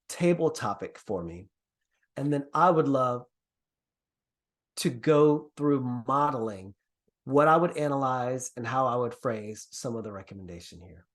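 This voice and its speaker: A man who grew up in the Caribbean, leading an online workshop over a video call in an earnest, encouraging way. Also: a little slow. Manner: earnest, encouraging, lively pitch swings. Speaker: workshop presenter.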